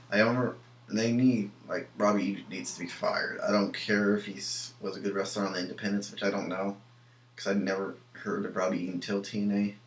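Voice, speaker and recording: Young male reviewer, lowish voice, casual and opinionated, echoey room. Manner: rambling, many ums and restarts, opinionated. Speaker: wrestling show reviewer.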